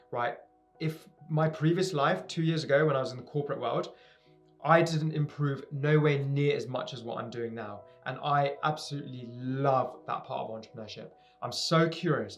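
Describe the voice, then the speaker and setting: A young man speaking straight to viewers about starting a business, earnest and emphatic, hammering points home by repeating phrases. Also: mid-range voice. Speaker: entrepreneur giving advice to viewers. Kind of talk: direct-to-camera motivational talk.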